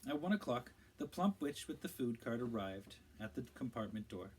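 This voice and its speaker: A man narrating a storybook aloud in a steady, measured read-aloud style. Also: medium pitch, slight background noise, poor audio. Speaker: audiobook reader.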